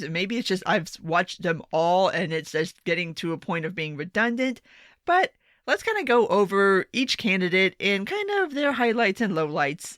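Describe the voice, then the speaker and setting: Sarcastic young woman commentator, bright voice, dry close sound, casual rant delivery. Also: medium pitch, dry recording. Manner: sarcastic, swearing, exasperated asides. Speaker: political commentator. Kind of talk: casual opinion monologue.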